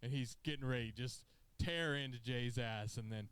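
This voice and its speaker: A man co-hosting a casual podcast, his voice smooth and resonant as he rambles through animated, profane retellings. The sound is close and dry, with no room around him. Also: mid-range voice, normal speed, no echo. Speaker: podcast co-host. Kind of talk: casual chat, excited storytelling. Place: podcast studio.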